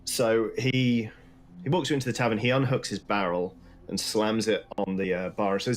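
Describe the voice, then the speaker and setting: A man's voice: lowish voice, steady tone, moderate pace. A man narrating as dungeon master in a casual, hesitant way. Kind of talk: narrating a tabletop game.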